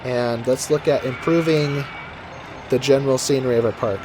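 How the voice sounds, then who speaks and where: In casual let's-play commentary, an American man chats and rambles about the game he's playing, self-correcting as he talks. He has a medium pitch and a moderate pace, with a noisy background behind him.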